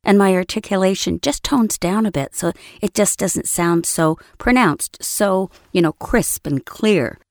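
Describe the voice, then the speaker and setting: A woman's voice: mid-range voice, a little slow, hardly any pauses, dry recording. A woman voice-over coach giving a conversational lesson on voice acting, explaining her points with little acted examples into a studio microphone. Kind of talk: instructional talk on voice acting.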